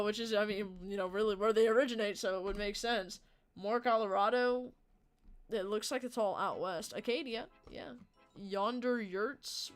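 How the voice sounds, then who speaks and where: Joking young woman streamer, fairly high voice. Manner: rambling, joking, swears freely. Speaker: livestreamer. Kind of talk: casual chat with stream viewers. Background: faint game music.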